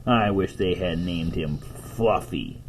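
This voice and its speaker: A man voicing a grumpy, sardonic pet cat while reading a storybook aloud, in a husky voice. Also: on the high side, lively intonation, rapid-fire, a little mellow, slight background noise, voice pushed up. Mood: deflated. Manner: grumbling, dry.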